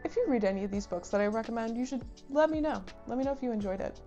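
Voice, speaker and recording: A woman's voice: a little high, expressive, racing, dark tone, muffled recording, soft background music. Bubbly young woman gushing about a book. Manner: bubbly, gushing, rambling with "like" fillers. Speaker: book reviewer and channel host. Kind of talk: casual vlog chat.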